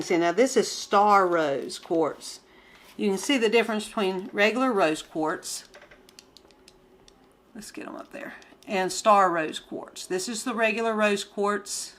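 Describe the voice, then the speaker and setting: Slow, gushing woman unboxing gemstones. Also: mid-range voice, fairly bright tone, slight background noise. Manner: chatty, gushing, talks to viewers. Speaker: gemstone and craft seller. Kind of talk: casual unboxing vlog.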